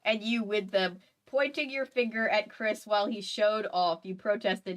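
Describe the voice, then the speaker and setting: A woman's voice: mid-range voice, moderate pace, few pauses, poor audio. Woman reading fan fiction aloud, playful. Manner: playful, laughing, stumbles and adds asides while reading. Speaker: host.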